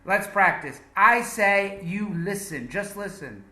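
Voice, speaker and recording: A man teaching English pronunciation, drilling words slowly and emphatically. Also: high voice, lively intonation, pushed and bright, reverberant. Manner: slow, deliberate drilling with emphatic repetitions.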